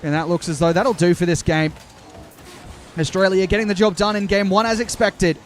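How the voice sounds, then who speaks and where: With faint music playing behind him, a young man briskly commentates an esports match live, his high voice holding a steady tone. He interrupts the play-by-play at times to talk with his chat.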